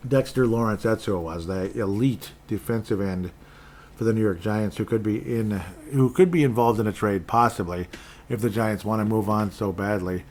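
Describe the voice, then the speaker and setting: A man's voice: lowish voice, normal speed, darkish tone. A man from Minnesota hosting a sports podcast, rambling casually with sarcastic asides and frequent restarts.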